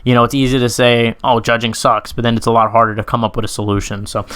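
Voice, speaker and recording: A man talks through MMA questions from his audience in loose, rambling speech, swearing freely and filling pauses with "um" and "like." His voice is bright and smooth, and it rings out with clarity. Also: mid-range voice, flat delivery. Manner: rambling, profane, frequent fillers and self-corrections. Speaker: YouTube MMA commentator. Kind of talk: casual unscripted Q&A monologue.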